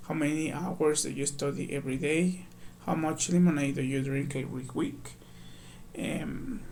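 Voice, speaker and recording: Male ESL teacher, gravelly, slightly high voice, patient step-by-step workbook walkthrough, faint hiss behind. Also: darkish tone. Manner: patient, explains step by step, reads examples aloud. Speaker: English teacher.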